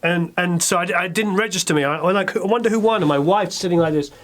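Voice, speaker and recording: A middle-aged man with an English accent, chatting as an interview guest and telling animated stories with quick asides. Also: sits high. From England. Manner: animated storyteller, quick asides, acts out quotes. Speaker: record producer, interview guest. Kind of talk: casual interview chat.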